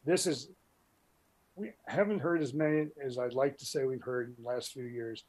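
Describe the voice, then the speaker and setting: A man's voice: mid-range voice, normal speed, a little mellow. An older man giving an informal talk on backyard birds, rambling and often restarting his sentences. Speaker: bird talk presenter.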